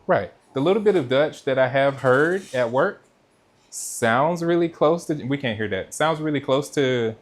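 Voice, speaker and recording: A man's voice: medium pitch, lively intonation, moderate pace. Chatty man hosting a live cooking stream. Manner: chatty, talks straight to viewers and reads out their comments. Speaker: cooking livestream host. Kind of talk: casual live chat while cooking. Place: kitchen. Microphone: mic with noise cancellation.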